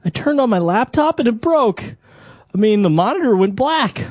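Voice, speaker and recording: A woman voicing a panicky, confused man calling tech support, with frantic, high-pitched yelps, in a scripted comic dialogue. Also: very animated, moderate pace, darkish tone, dry recording, clean studio sound.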